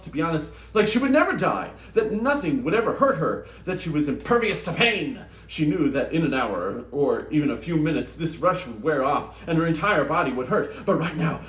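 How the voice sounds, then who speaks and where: A man hosting a book channel, reading passages from a novel aloud in an expressive, dramatic way and acting out the dialogue. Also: on the high side, roomy sound. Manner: animated, acts out dialogue with shouts. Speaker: booktube host reading from novels.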